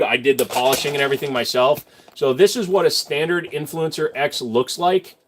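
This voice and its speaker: A man hosting a casual livestream, reading out chat questions and answering them with loose, self-mocking jokes and detailed know-how. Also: medium pitch. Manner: knowledgeable about handguns, explains in detail.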